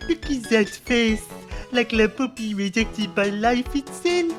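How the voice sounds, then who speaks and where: A man's voice: very high-pitched, lively intonation, measured pace, over music. A man voicing a flamboyant, fussy male restaurant owner with a put-on French accent, dropping French words as he fusses over people. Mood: fawning. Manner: theatrical, sprinkles French words.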